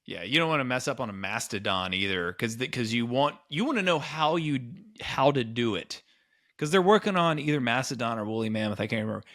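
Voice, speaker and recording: In a casual chat, a man co-hosting a podcast talks fairly quickly with enthusiasm, his medium-pitched, slightly bright voice full of lively intonation. He rambles and restarts often, and the sound is dry and clean, studio-grade.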